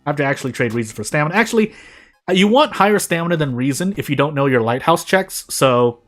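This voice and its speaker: A man streaming a video game, talking through his choices out loud and often stopping to restart or correct his sentences. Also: on the high side, animated, quick pace. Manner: thinks aloud, often restarts and corrects himself mid-sentence. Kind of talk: live gameplay commentary.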